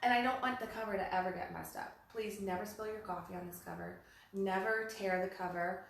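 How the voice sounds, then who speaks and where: A woman in her forties chats in an animated, storytelling way and circles back on her own phrases. She sits in a room with strong echo. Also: medium pitch, brisk, creaky, a little hiss or hum. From Texas. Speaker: podcast co-host. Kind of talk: casual chat. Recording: very echoey room.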